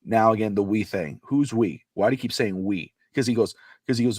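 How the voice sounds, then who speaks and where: A man co-hosting a casual podcast, rambling and animated, acting out quotes, with a slightly irritated throat. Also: on the low side, fast, no room sound, studio quality. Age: adult with a child. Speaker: podcast co-host.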